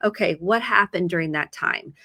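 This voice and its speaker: A woman's voice: on the low side, moderate pace, pushed and bright, breathy edge, no echo. A woman therapist with a Midwestern American accent, explaining mental health in an earnest, casual chat full of examples.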